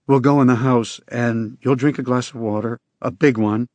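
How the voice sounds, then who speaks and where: A man voicing a careful, stern male reverend who gives measured, reassuring instructions. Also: medium pitch, steady tone, a little mellow, no echo, lightly acted. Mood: firm.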